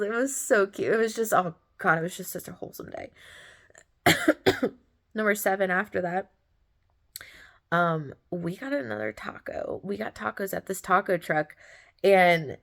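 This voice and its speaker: Young woman gushing through a funny story, laughs a lot, easygoing chat. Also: medium pitch. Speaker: podcast host. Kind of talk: casual gratitude storytelling.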